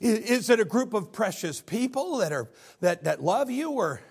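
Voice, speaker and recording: A man preaching a sermon as pastor, telling stories with an animated delivery, often restarting his sentences. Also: high-pitched, moderate pace, creaky, slightly rough. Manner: animated storytelling with stammered restarts.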